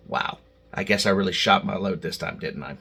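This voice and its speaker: A man hosting his own channel, giving a heated, emotional opinion monologue with many restarts and sudden loud outbursts. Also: deep voice, creaky, slightly rough. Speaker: channel host.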